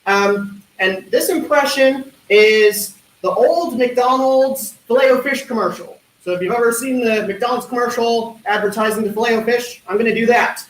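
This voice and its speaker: A man doing stand-up one-liners at an online talent show, with a deadpan punning delivery and hesitant fillers. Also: extremely high pitch, normal speed. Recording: echoey room.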